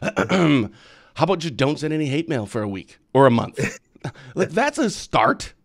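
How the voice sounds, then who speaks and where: A man's voice: a little high, big pitch swings, unhurried, gravelly. A man with an Upper Midwest American accent co-hosting a casual talk show, who laughs easily and tells stories with playful teasing. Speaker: co-host, news site founder. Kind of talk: casual chat.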